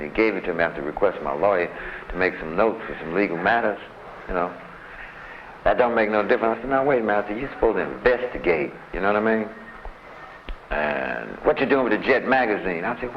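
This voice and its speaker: A low-voiced American man, interviewed in a prison visiting room, tells a story about his time in solitary. His casual street-slang storytelling is loose and rambling, peppered with "man" and "you know." The archival tape is muffled and lo-fi, with slight background noise.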